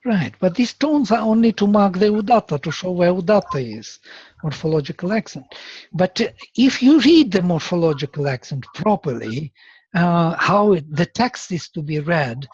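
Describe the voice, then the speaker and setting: Patient teacher, breathy tone, muffled call audio, steady middle pitch. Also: moderate pace, dry recording. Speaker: Sanskrit teacher. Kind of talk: online class explanation.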